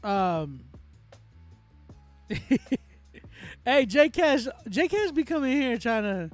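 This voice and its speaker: High-voiced male producer critiquing tracks. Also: sing-song, slow, long pauses, faint music behind. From Texas. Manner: loose and talkative, laughs often, restarts, reads chat comments aloud. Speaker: music producer and livestream host. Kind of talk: casual livestream critique, reading chat.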